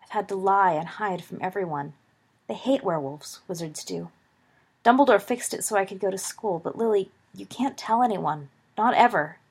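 A shy, earnest teenage werewolf boy, read by a woman in a soft, breathy voice. He talks haltingly, pleading and apologetic. It sounds like a storybook reading. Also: mid-range voice.

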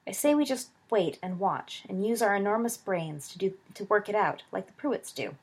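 A woman's voice: medium pitch, animated, moderate pace, breathy edge. A woman reading a cheeky eager schoolboy.

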